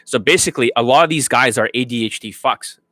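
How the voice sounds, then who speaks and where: A man's voice: medium pitch, fast talker, pushed and bright, no room sound. A man working as a dating coach, ranting bluntly and profanely to his students. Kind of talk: unscripted monologue to students.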